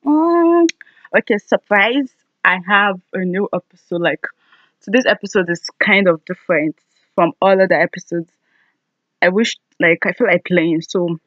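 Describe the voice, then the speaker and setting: A young woman, chatting casually to camera as a vlogger, excitable and giggly with loud exclamations. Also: fairly low pitch, no echo, dull audio.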